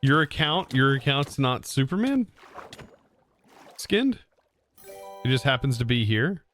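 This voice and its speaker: A young man livestreaming a game, his voice lively and swooping as he exclaims and thanks chat. He talks slowly, fairly high for a man, with light music behind him. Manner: excitable, exclaiming, thanks viewers. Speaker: livestream host. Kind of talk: live gameplay streaming.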